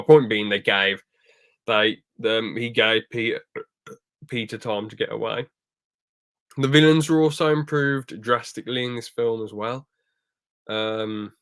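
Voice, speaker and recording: A young man reviews a film in loose podcast chat, his voice sitting slightly low. He rambles, breaks off mid-sentence and restarts, and acts out quoted lines along the way. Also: fairly bright tone. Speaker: podcast host.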